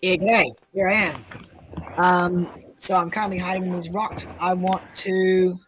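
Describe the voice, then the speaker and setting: Slow, easygoing man at the game table. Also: high-pitched, slight background noise, poor audio. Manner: relaxed, unhurried, hesitant fillers. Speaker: player. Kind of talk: casual game chat.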